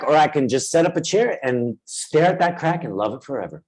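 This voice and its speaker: A man leads a webinar with a voice that sits somewhat high. He explains ideas patiently, breaks into high, panicky cries to act out inner voices, and keeps asking whether it makes sense. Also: animated, a little fast, a little mellow, slightly rough, poor audio. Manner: checks in often with the audience. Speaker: webinar presenter. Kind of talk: webinar teaching.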